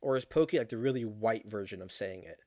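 A young man telling a rambling, profane story in a casual monologue, animated and laughing at himself. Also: fairly low pitch, fast, no echo, clean studio sound.

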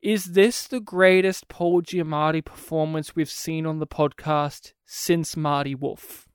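A podcast host in casual film chat, talking in animated, quick bursts and laughing often. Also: medium pitch, clear, resonant tone, dry recording, clean studio sound.

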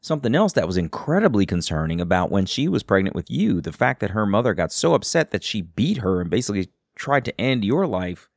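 A woman hosting a podcast reacts to her guest with emphatic, expressive responses. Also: very deep voice, fairly quick, few pauses, no echo, studio quality. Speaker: podcast host. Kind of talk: interview reactions.

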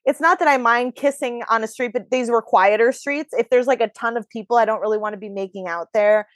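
A woman's voice: fairly high pitch, brisk, no room sound. A woman hosting a podcast, chatting frankly and casually about her dating life. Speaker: podcast host. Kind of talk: casual chat. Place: New York.

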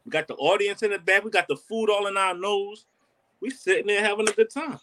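A man hosting a podcast in casual chat, loud and laughing as he bangs back and forth and swears freely. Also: sits high, brisk. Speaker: podcast host.

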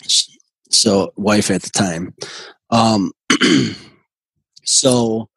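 Husky low-voiced man telling his story. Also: fairly bright tone, dry recording, poor audio. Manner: halting, earnest, frequent restarts. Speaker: guest. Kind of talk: personal recovery story in conversation.

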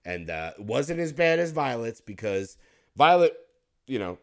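A man's voice: mid-range voice, sing-song, a little slow. A man co-hosting a podcast in casual chat, a rambling storyteller who laughs and curses freely. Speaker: podcast co-host.

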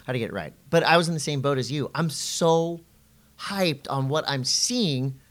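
A middle-aged man co-hosting a casual podcast, telling surf stories with animation and jumping into a high voice when he quotes people. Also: lively intonation, moderate pace, fairly bright tone. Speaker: podcast co-host and surf commentator.

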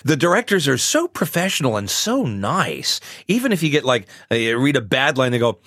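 A man in his sixties, a voice actor, chatting in an interview in a relaxed, self-mocking way and laughing often. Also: medium pitch, normal speed, few pauses, no echo, clean studio sound. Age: 60s.

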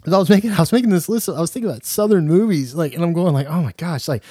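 A man co-hosting a podcast, talking in a chatty, animated, jokey way. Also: fairly high pitch, racing, husky, no echo, studio quality. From Louisiana. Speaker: podcast co-host. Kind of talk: casual chat.

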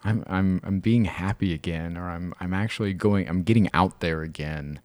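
A man co-hosting a podcast in casual chat, animated and laughing often, swearing freely. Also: deep voice, normal speed. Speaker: podcast co-host.

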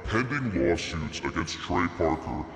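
A man putting on a Satan-like monster voice for comedic podcast banter, deadpan and mock-menacing. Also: sits low, measured pace. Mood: indignant. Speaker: podcast co-host. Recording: roomy reverb effect with music behind.

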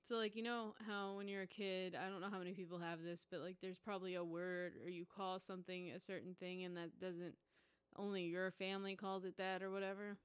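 Young woman, podcast host, casual profane storyteller, smooth voice, dry sound. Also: on the low side, fairly quick, dry recording. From United States. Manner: profane, animated storytelling with laughs.

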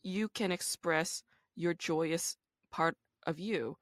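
A woman interviewer with a lower voice, recorded dry and close. She speaks in a relaxed, reflective way, warmly affirming her guest's ideas and praising the work. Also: takes it slowly, dry recording. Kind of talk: casual interview chat.

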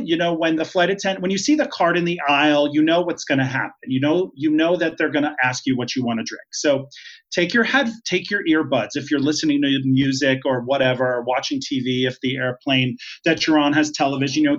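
A man's voice: a little high, animated, brisk, fairly bright tone. A retired flight attendant, a man, giving travel tips as a podcast guest in a casual, emphatic, chatty way and laughing easily. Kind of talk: casual interview. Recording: dull lo-fi sound.

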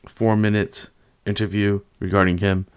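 A man's voice: fairly low pitch, little pitch movement, normal speed, clear, resonant tone. A man hosting a casual sports commentary, upbeat and loose with plenty of fillers. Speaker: podcast host.

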